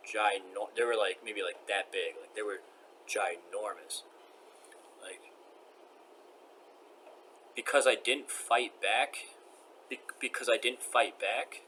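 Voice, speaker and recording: A man's voice: on the low side, bright, forceful tone, a little hiss or hum. Upset, rambling man venting. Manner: agitated, rambling and repetitive. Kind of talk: personal vlog rant.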